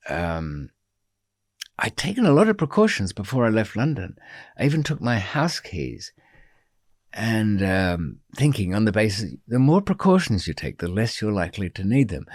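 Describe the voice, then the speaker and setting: A man's voice: on the low side, no echo, studio quality. A man as a podcast guest, telling stories in a casual, wry way with many ums and restarts. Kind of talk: casual storytelling interview.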